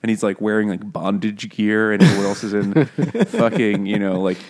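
A man with a slightly low voice, co-hosting a book podcast. He tells loose, profane jokes and keeps breaking into laughter. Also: normal speed, darkish tone. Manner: joking, profane, laughs often. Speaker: podcast co-host. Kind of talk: casual banter.

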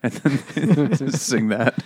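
A man's voice: mid-range voice, takes it slowly, a little mellow, husky. A man co-hosting a casual comedic book chat, cracking jokes and laughing often. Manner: jokey, wisecracking, laughs often. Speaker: podcast co-host.

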